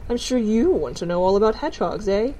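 A woman's voice: mid-range voice, expressive, warm tone, a little hiss or hum, close to an everyday voice, low-quality recording. Woman doing a patronizing male teacher. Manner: condescending, slow and drawn out.

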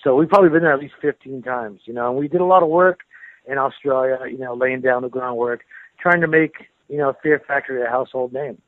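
A man, a metal guitarist, talking in a relaxed, rambling way in a casual interview, with restarts and soft laughs. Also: mid-range voice, fast talker, no echo. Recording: tinny phone line.

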